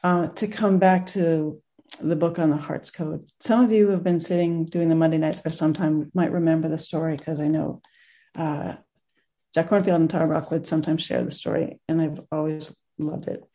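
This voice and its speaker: Gentle storyteller, gravelly creak, warm mellow tone, steady flat delivery, reading aloud to a group. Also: medium pitch. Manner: gentle, moved, with pauses and restarts. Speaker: meditation group teacher.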